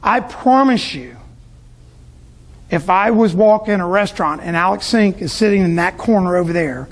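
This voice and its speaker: A man's voice: high voice, normal speed. A middle-aged man from Tampa, Florida, speaking to business owners in a storytelling sales talk and acting out his customers' voices. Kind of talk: sales talk to a live audience.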